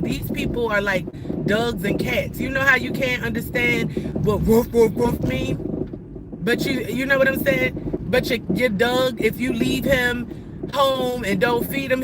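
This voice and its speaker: A woman rants at the other drivers from her moving car. Her talk is rambling, suspicious and full of curses. Her phone picks it up through loud road and engine noise. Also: on the high side. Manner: profane, rambling, suspicious and agitated. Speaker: livestreamer driving a child to school. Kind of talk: live-streamed driving rant. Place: inside a moving car in city traffic. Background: loud traffic and engine noise.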